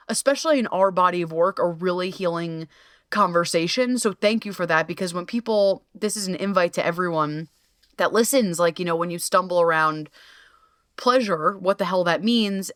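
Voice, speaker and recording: An animated woman hosts a casual podcast conversation in a dry, close-miked sound. She swears freely and often slips into playful voices when quoting herself. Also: mid-range voice, no echo. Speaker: podcast host.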